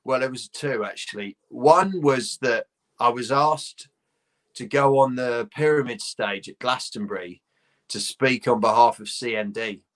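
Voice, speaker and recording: A middle-aged man with a posh southern English accent spins comic anecdotes as a guest in a relaxed chat. His voice sits at an ordinary pitch. He swears easily and laughs mid-sentence as the story builds. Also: a little slow. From London. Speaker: guest comedian. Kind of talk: casual chat, telling anecdotes.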